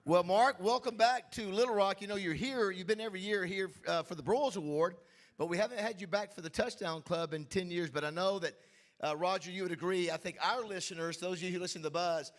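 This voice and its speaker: A man hosting a club luncheon, rousing the crowd with excited shout-outs and drifting into emotional asides. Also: high-pitched, brisk. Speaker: host. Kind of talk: emceeing a luncheon. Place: banquet hall.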